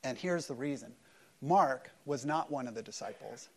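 A man preaching an Easter sermon at a church service, swinging between loud emphatic peaks and hushed, quiet lows. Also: normal speed. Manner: acts out quoted voices in prayer-like dialogue. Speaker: pastor.

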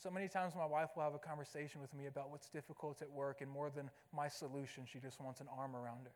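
A man's voice: a little high, steady tone, quick pace, in a large hall. A man preaching a sermon as pastor, talking conversationally and posing rhetorical questions to the congregation. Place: church sanctuary.

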